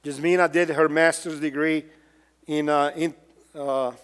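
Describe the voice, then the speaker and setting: Male pastor with a high voice, preaching emphatically in a reverberant church hall. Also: fairly even intonation, measured pace, a bit bright, smooth. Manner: emphatic preaching with repeated rhetorical questions. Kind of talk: sermon. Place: church sanctuary.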